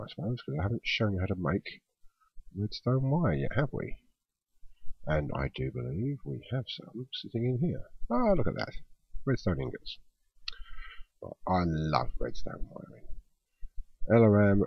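A man's voice: sits low, slightly rough, no room sound, dull audio. A man hosting a let's play, chatting casually and thinking aloud as he builds in a game.

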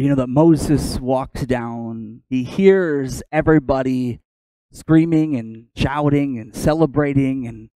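Male pastor, animated storyteller, mellow tone, dry close sound. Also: mid-range voice, no echo, low-quality recording. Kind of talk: sermon.

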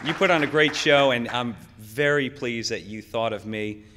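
A man's voice: mid-range voice, normal speed, a crowd in the background, noisy background. Middle aged guy giving a keynote, jokey and upbeat, big echoey conference hall. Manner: folksy, joking and energetic. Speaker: keynote speaker. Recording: long hall reverb.

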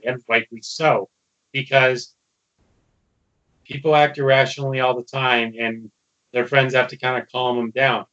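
A man's voice: mid-range voice, pushed and bright, dull audio. A man co-hosting a podcast, casually retelling a cartoon episode and quoting the characters as he goes. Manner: casual, loose retelling with quoted lines. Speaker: podcast co-host. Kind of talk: casual episode recap chat.

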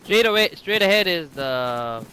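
A man, playing along and calmly giving directions in casual game chat. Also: high voice, measured pace. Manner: laid-back, giving directions. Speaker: fellow player. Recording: noisy background.

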